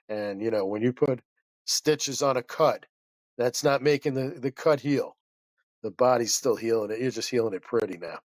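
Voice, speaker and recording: A man's voice: mid-range voice, normal speed, no echo. A man who is a guest chiropractor, telling a story in a rambling, passionate way that keeps interrupting itself.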